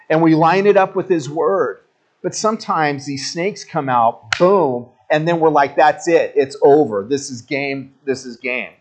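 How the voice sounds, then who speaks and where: A man preaching a sermon in a conversational, animated storytelling way with joking asides. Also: a little high. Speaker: pastor.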